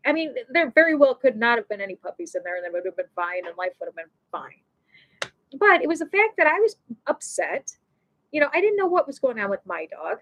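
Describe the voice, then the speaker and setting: A woman with a high voice tells a personal story on her live show. She talks in an emotional, rambling way, often restarting her sentences and filling the gaps with "you know". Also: very animated, fairly quick, fairly bright tone, rough recording.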